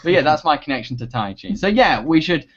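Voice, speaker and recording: Chatty, laughing reviewer host. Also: male voice, on the high side, sing-song, fairly quick. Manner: chatty, laughs often, trails off and restarts. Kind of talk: casual livestream Q&A chat. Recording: dull lo-fi livestream audio.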